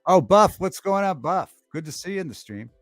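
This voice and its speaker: A man's voice: high-pitched, animated, fairly quick, a bit bright, no echo, faint music behind. Chatty livestream host man, dry close sound. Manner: chatty and rambling, repeats movie quotes with relish. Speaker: livestream talk show host. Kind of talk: casual chat, reading live chat aloud.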